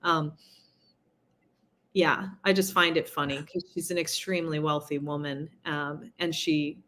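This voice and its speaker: A woman's voice: sits low, fairly even intonation, a bit bright. A woman from New York City, a city council candidate, talking casually in an interview with frequent asides and laughs. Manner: chatty, quick asides, laughs at her own points.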